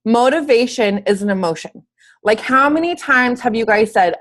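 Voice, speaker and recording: A woman's voice: on the high side, lively intonation, moderate pace. A sick, slightly wheezy woman giving an upbeat, emphatic motivational talk as a fitness coach on a team call from home, speaking in casual slang. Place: at home, in bed.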